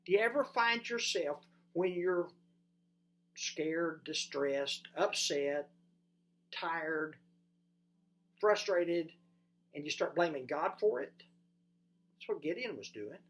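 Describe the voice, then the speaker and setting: Pastor preaching with lively, shifting emphasis. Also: slow pace, long pauses. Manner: lively, swings from loud emphasis to soft and low; addresses listeners with direct questions. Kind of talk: sermon.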